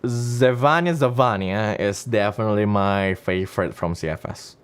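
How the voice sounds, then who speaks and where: A man's voice: normal speed, clear, resonant tone. A young man from Indonesia, chatting casually and playfully as a streamer answering viewer questions, with tiny guitar music behind him. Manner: playful, teasing, often jumps into a high excited voice. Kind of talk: casual chat. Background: faint guitar music.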